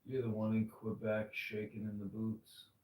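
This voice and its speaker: Man, lowish voice, profane rambling storyteller, roomy distant mic. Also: monotone, normal speed, darkish tone, a little hiss or hum. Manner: profane, mocking, rambling anecdotes. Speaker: podcast host. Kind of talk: casual crude banter and storytelling.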